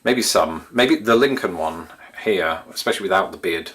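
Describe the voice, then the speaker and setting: A man's voice: low voice, lively intonation, moderate pace, a bit bright, husky. A man in his thirties with an English accent, reminiscing in a wry, chatty monologue to his channel's viewers. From England. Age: 30s. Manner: wry, self-deprecating, chatty. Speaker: YouTube host.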